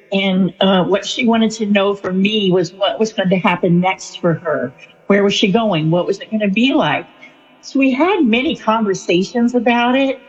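A woman's voice: mid-range voice, husky. A woman author and spiritual counselor telling a story in an interview, chatty and full of fillers. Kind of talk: conversational interview answer. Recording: lo-fi with long reverb.

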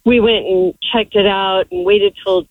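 A woman's voice: mid-range voice, fairly even intonation, a little slow, dry recording. A woman calling in to a radio show, explaining her own experience in a friendly way. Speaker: radio caller. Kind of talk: casual phone call. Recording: tinny phone line.

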